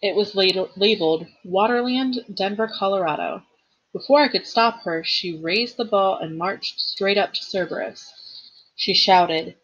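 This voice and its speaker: A woman, a teacher, reading a novel aloud with expressive storytelling and the occasional slip and reread. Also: mid-range voice, unhurried, breathy edge, dull audio.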